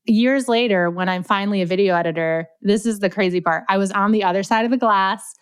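A young adult woman as a podcast guest, chatting and telling stories in a lively way, with lots of "like" fillers. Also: medium pitch, fairly quick, clear, resonant tone, dry recording. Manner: chatty, animated, heavy use of "like". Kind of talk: casual storytelling interview.

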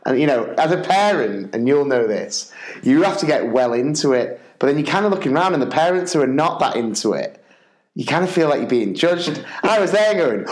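A man spins a comic story in an animated, restless way, stumbling over restarts and dropping into quoted voices. His voice sits a touch high and swings widely in pitch. It is caught in an echoey room. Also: a little fast. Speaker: podcast co-host, primary teacher.

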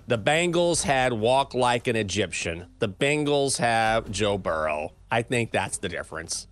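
A man's voice: mid-range voice, big pitch swings, measured pace, few pauses, a bit bright, soft background music. A man co-hosting a sports show, teasing his co-hosts and cracking jokes in casual chat. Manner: teasing, wisecracking.

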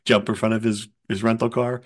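A man hosting a casual sports podcast, a columnist who tells stories with energy and acts out other people's quotes. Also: a little fast. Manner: animated storyteller, acts out quotes in a high voice.

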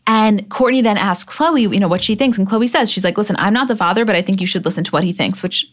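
A woman's voice: medium pitch, fast talker. A young woman co-hosting a podcast, casually recapping reality TV scenes, swearing freely and quoting lines. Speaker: podcast co-host. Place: live podcast taping.

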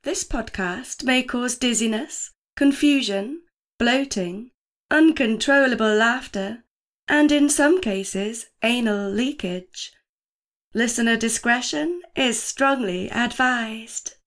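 A woman reading a mock warning disclaimer in a slow, measured, deadpan way. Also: on the high side. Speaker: disclaimer announcer.

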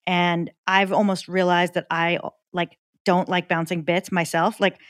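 A woman's voice: fairly low pitch, flat delivery, unhurried, clean tone, no room sound, studio quality. A woman, a comedian guest on a podcast, talking animatedly with many "like"s and laughing asides. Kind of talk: casual chat about comedy.

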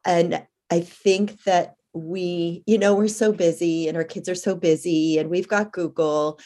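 A woman's voice: lowish voice, steady tone, measured pace, warm tone. Thoughtful older woman co-hosting. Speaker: co-host. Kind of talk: casual interview chat.

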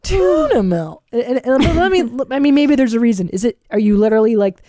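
A woman's voice: a little high, animated, fast talker, mellow, dry recording. A woman hosting a podcast in casual chat, playful and teasing, with some swearing. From Hungarian family. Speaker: podcast host.

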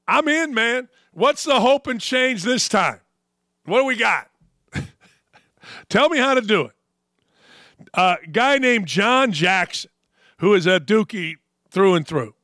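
A man hosting a sports talk show, ranting with sarcasm and animated swings. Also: high voice, unhurried, pauses often, no echo, clean studio sound.

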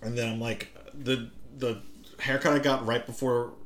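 A man chatting casually on a podcast, relaxed and halting, swearing now and then as he tells a story. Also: medium pitch, slight background noise.

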